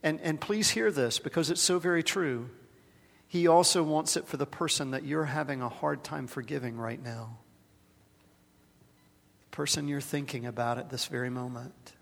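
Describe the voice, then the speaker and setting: A man preaches a sermon with dramatic swings, rising to loud emphasis and then dropping to a near-hush. He repeats words when he is stirred. His voice carries a long reverb through a large worship hall. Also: on the high side, normal speed, gravelly. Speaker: pastor.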